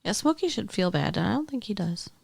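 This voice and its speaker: A woman co-hosting a podcast, giving blunt, quick reactions in casual chat. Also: mid-range voice, big pitch swings, vocal fry, slightly rough. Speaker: podcast co-host.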